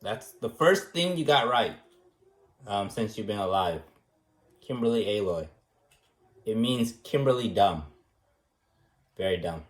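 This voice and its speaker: A man giving a rambling, joking recommendation speech as an art teacher, teasing in a deadpan way and tagging his points with questions. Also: fairly low pitch, measured pace, pauses often. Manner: teasing, deadpan, many fillers and tag questions. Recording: echoey room.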